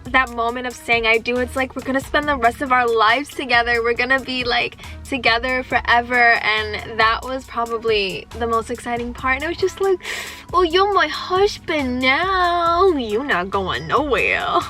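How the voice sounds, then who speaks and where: A woman's voice: a little high, fairly even intonation, normal speed, hardly any pauses, sharp tone, faint music behind. A young woman answering viewer questions in a casual vlog, playful and joking as she chats. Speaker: vlogger.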